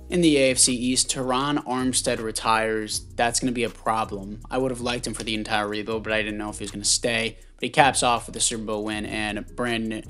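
A man giving casual commentary on a football video game, chatty and thinking out loud, often stumbling over names and correcting himself. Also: on the low side, flat delivery, brisk, hardly any pauses. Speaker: gaming YouTuber.

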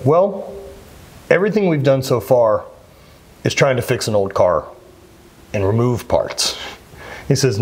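A man's voice: medium pitch, a little mellow, husky. A man in his thirties, a former athlete, talking earnestly and plainly as an interview guest, often restarting his sentences. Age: 30s. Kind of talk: candid conversational interview.

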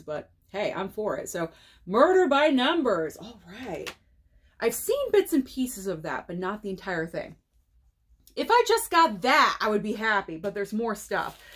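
Gushing, excitable American woman unboxing. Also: mid-range voice. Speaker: movie collector vlogger. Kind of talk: casual unboxing chat.

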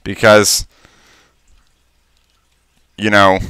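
A man's voice: on the low side, completely flat delivery, extremely slow, bright, forceful tone, smooth, dry recording. A man giving casual, rambling commentary while playing a game, talking to himself and stammering when surprised. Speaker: Let's Play commentator.

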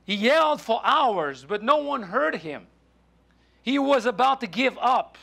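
A man preaching a sermon in a church, halting with frequent restarts and fillers. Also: very high voice, expressive, vocal fry, fairly bright tone. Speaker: pastor. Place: church sanctuary.

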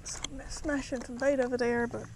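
A woman's voice: fairly high pitch, flat delivery, brisk, noisy background. A woman vlogging outdoors by the water, casually narrating each catch and chatting to the fish as she unhooks them. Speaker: fishing vlogger. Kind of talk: casual play-by-play while fishing.

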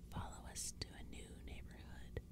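A woman voicing hissing jack-o'-lantern creatures in a whispered role-play, with a slow, hoarse, dry crackle. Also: natural voice. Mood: menacing. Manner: slow, faint, menacing.

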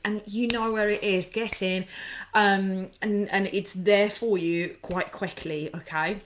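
A woman's voice: mid-range voice, fairly even intonation, unhurried. Bubbly woman chatting live with viewers. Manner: bubbly, effusive, reacts to viewer comments; rambling with many fillers. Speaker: anxiety coach hosting a live session. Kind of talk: casual live-stream chat with viewers.

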